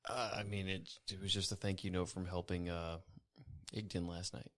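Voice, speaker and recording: Easygoing man, fairly low voice. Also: flat delivery, moderate pace, a bit bright. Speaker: player. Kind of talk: in-character tabletop role-play.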